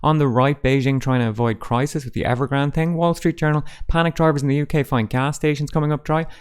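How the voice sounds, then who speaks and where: A man's voice: on the high side, fairly even intonation, quick pace, smooth. A man hosting a casual roundup of newspaper front pages, with dry, sarcastic asides. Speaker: host.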